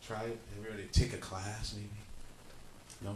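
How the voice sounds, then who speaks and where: Profane stand-up comedian in a roomy club. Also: male voice, fairly low pitch, little pitch movement, fairly quick, noisy background. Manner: profane, conversational, teasing the audience. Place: comedy club with live audience. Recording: roomy club with audience laughter.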